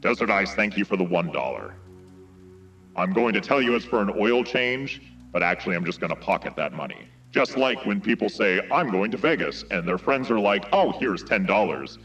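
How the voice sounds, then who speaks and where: A blustering, indignant robot leader, put on by a man as a comic live-stream bit, heard through a radio-style filter. The voice sits a bit low and swings widely in pitch. It sounds muffled and distant, like a lo-fi transmission. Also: very animated, normal speed, fairly bright tone, soft background music. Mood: wry. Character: gruff male robot leader, fed-up ranter.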